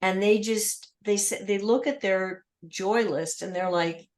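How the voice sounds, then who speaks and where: A woman hosts an interview, speaking at an ordinary pitch in a conversational tone. She frames her questions thoughtfully, stacking up examples before getting to the point. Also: a little slow. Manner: thoughtful, builds questions from long lists of examples. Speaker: podcast host.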